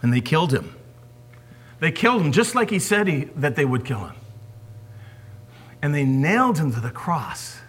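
Husky pastor, loud to whispered. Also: male voice, a little high, very animated, normal speed, pauses often. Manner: dramatic swings from loud emphasis to hushed whispers. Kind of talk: sermon.

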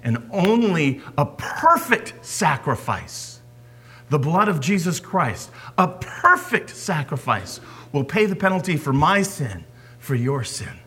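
Husky pastor, loud to whispered. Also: male voice, a little high, sing-song, slow pace. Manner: dramatic swings from loud emphasis to hushed whispers. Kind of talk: sermon.

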